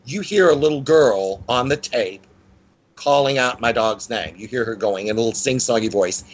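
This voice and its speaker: A man telling a personal story as an interview guest, in a lively conversational way with frequent restarts. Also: normal speed, dull audio. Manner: animated, with frequent pitch swings and restarts.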